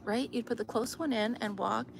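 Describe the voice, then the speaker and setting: A fairly high, gravelly-edged woman's voice, chatty and amused, often sinking to a hushed near whisper. She is recorded outdoors on a phone, with the steady sound of a river flowing loudly behind her. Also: moderate pace, a little hiss or hum. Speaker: vlogger. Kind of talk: casual chat.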